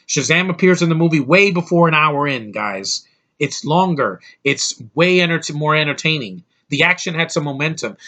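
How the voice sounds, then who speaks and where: A man's voice: fairly high pitch, pushed and bright. A man giving an angry, profane, rambling movie review rant.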